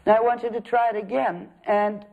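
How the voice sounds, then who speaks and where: A man's voice: high-pitched, steady tone, fairly quick, creaky. A man, an acting teacher, giving direct coaching feedback with probing questions. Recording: thin phone-like sound.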